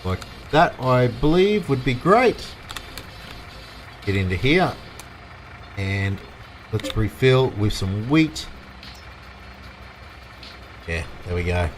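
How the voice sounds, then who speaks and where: Australian man, casual live game commentary, rambling and chatty, mid-pitched voice, faint engine noise behind. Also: big pitch swings, slow pace, long pauses. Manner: chatty, rambling, talks to chat viewers. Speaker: livestream gamer.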